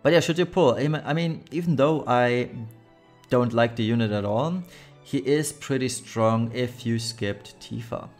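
A man's voice: medium pitch, a little slow, faint music behind. A man hosting a gaming channel, giving blunt, critical commentary full of fillers, his voice a little worn. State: voice wearing thin. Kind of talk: casual commentary on a mobile game.

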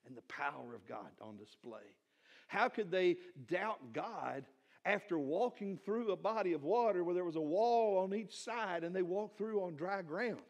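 A male pastor, preaching a sermon to his congregation and building one rhetorical question on another. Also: on the high side. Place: church sanctuary.

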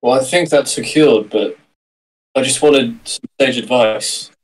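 A man playing a tabletop game, playful and quick, describing what his character does. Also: medium pitch, rough recording. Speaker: player. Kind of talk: casual tabletop play.

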